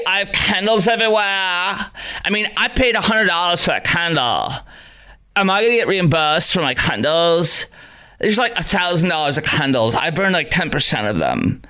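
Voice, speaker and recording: A man's voice: high voice, lively intonation, normal speed, pushed and bright, pitched above the performer's own voice. A man mocking a whiny pampered rich woman. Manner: mocking, exaggerated whining.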